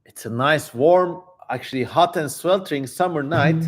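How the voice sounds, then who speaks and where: A man hosting a live stream, chatting casually and reading viewer comments aloud in a relaxed, easygoing way. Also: on the high side, moderate pace, few pauses.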